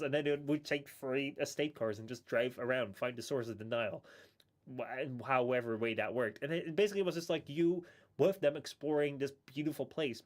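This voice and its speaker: A man's voice: mid-range voice, brisk. A man chatting casually on a live stream, rambling with many restarts and chuckles.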